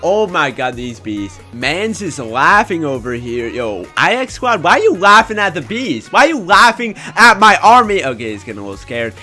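A young man commentating his own gameplay in a casual, excitable way, often breaking into shouts. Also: fairly high pitch, normal speed, few pauses, faint music behind. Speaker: gaming YouTuber.

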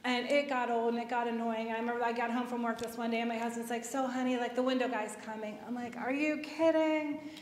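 Woman telling stories to a parish crowd, kinda high voice, lots of likes and ums, big echoey hall. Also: flat delivery, fast, few pauses, a little hiss or hum. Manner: chatty, with many fillers and quoted dialogue. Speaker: speaker at a parish talk. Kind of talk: personal storytelling talk.

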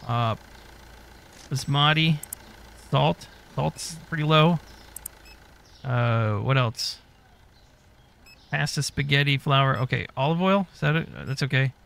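Gravelly man muttering through gameplay. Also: mid-range voice, slow pace, long pauses, a bit bright. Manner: mutters to himself, swears often. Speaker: gaming YouTuber. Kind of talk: casual gameplay commentary.

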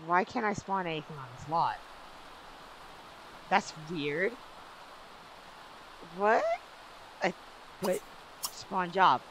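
A woman's voice: lowish voice, lively intonation, takes it slowly, long pauses, fairly bright tone, a little hiss or hum. A young woman giving casual commentary as she plays a life-simulation game, often exasperated and talking back to it. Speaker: gaming video creator.

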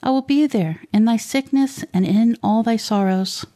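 Woman voicing a devout earnest young girl, mellow and measured. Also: a little high, close to an everyday voice. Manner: archaic formal speech.

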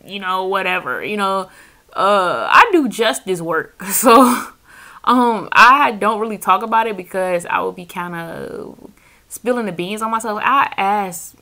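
A woman's voice: mid-range voice, expressive, measured pace, sharp tone. A woman reading tarot in a casual, profane chat to camera, laughing often as she talks. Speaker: tarot reader. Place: seated indoors on a squeaky chair.

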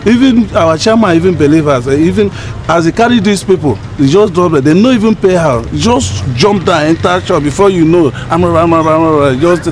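A man's voice: fairly high pitch, fairly quick, slight background noise, natural voice. An actor playing a sympathetic male motorcycle taxi rider who speaks with a Nigerian Pidgin accent. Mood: defending. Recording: film audio with music.

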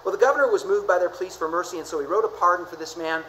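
This is a pastor preaching a sermon in a church. The delivery leans on repetition and contrast, slowing to near-whispers before rising to forceful high points. A faint layer of background noise sits under the voice. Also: rough recording. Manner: dramatic preaching with repeated phrases, swinging from soft to emphatic.

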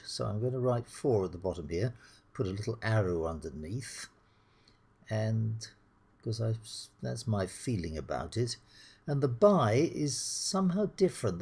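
A middle-aged British man with a husky voice, teaching English slowly and clearly over slides. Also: mid-range voice, a little mellow. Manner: slow, clear teaching delivery, acts out the dialogue lines.

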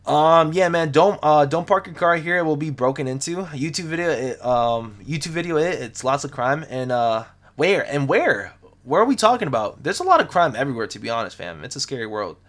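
A man's voice: fairly high pitch, lively intonation, brisk, a bit bright. A young man hosting a livestream, chatting casually and reading out viewer comments in a laid-back, slangy way, often repeating himself. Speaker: sneaker livestream host. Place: home, lives in the city.

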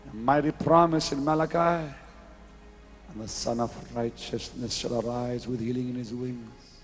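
A man preaching a revival sermon at a large crusade, swinging from loud exclamations to hushed whispers in a slow, drawn-out delivery. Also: medium pitch, steady tone. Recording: 1990s live event recording with faint music.

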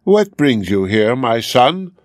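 A man's voice: mid-range voice, very animated, takes it slowly, dry recording, clean studio sound. A man voicing a kindly old woman helper in a fairy tale, motherly and urging.

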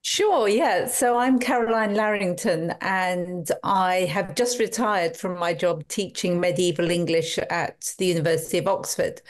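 A woman in her sixties, a guest scholar, answering interview questions in a measured, articulate way. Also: fairly low pitch.

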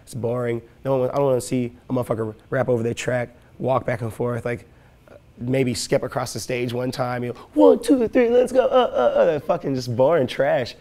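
In a relaxed interview, this young rapper from Chicago spins lively, foul-mouthed stories and performs the voices of those he quotes. He speaks at a fairly quick clip in a mid-range voice.

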